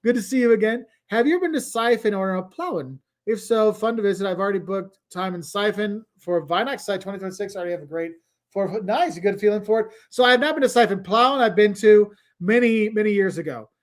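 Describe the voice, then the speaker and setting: Middle-aged male host, fairly high voice, loose conversational delivery, drifts between viewer questions. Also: expressive, fast talker. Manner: chatty, rambling, reads viewer comments aloud. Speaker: travel livestream host. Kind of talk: casual livestream Q&A.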